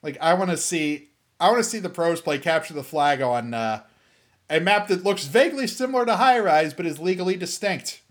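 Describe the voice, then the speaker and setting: A young man from the US hosting a casual solo show, rambling and animated, with many fillers and restarts. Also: a little high, moderate pace. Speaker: podcast host.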